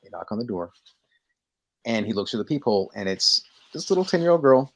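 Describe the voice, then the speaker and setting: Animated man retelling a movie scene. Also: mid-range voice, brisk. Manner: animated storytelling, acting out movie lines. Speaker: podcast co-host. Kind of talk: casual chat.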